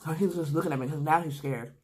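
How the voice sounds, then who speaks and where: A young woman with a low-pitched voice tells a story on camera in a loose, slangy way, talking straight to her viewers between bites. A faint hiss of background noise sits under her voice. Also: rapid-fire. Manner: animated, slangy storytelling with laughs. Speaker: mukbang vlogger. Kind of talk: casual storytime while eating.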